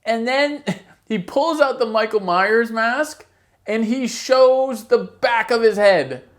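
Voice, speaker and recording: A woman's voice: a little high, slow. A woman hosting a horror channel, giving a casual opinion rant with exasperated, sarcastic asides.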